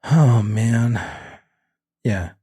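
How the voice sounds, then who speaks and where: A man narrating as game master of a tabletop role-playing game, relaxed and chuckling as he describes the scene. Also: mid-range voice, very slow, breathy edge, no room sound, studio quality.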